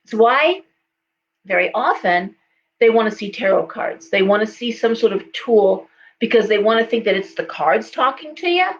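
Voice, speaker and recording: A woman psychic hosting a live stream, telling stories in a casual, animated way and acting out the voices of people she quotes. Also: mid-range voice, moderate pace, muffled recording, a little hiss or hum. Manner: animated, acts out quoted voices, many restarts. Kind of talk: casual storytelling chat. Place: indoors, shop.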